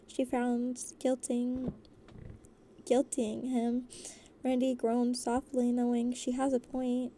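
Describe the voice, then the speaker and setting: Woman narrator for a fan story, lively and giggly, warm and a bit high. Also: measured pace. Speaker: voice actor reading a story.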